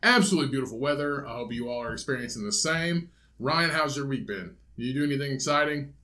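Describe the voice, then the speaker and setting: A man's voice: mid-range voice, animated, quick pace, bright, forceful tone. A man from south central Indiana co-hosting a casual podcast with his brother, rambling with many restarts and swearing. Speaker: podcast co-host. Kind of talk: casual chat.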